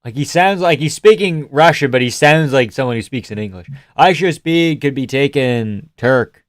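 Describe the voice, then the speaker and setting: A man talking casually as he hosts a live fight stream, joking around, cursing freely and answering chat. His voice is smooth and clean, mid-pitched, recorded close and dry with no room sound. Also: expressive, moderate pace, no echo. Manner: joking, swears often, reads chat aloud. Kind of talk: casual fight reaction commentary.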